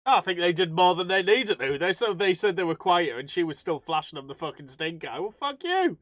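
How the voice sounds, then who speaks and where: A man's voice: high voice, fairly quick, fairly bright tone, no room sound. Blunt man, dry sound. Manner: blunt, sweary, laughs along. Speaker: podcast co-host. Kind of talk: casual banter.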